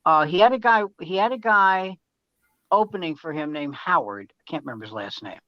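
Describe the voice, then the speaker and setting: An older man tells comedy-club stories with animated energy. He acts out each quote, and the recording sounds dull and lo-fi. It is dry, with no room echo. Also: a little high, fairly quick. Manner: animated anecdotes with acted-out quotes. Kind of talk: casual storytelling chat.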